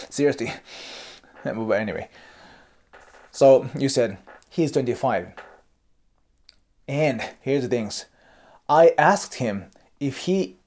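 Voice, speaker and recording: A man's voice: medium pitch, a little mellow. A Japanese man with a Japanese accent, speaking English, hosting a casual monologue of blunt dating advice with frequent swearing and laughter. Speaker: host giving dating advice.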